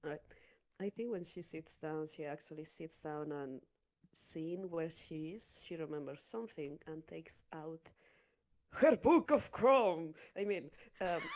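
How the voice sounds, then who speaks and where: A woman playing a tabletop game, giggly, narrating her character's actions. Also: lowish voice. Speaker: player. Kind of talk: tabletop role-play chat.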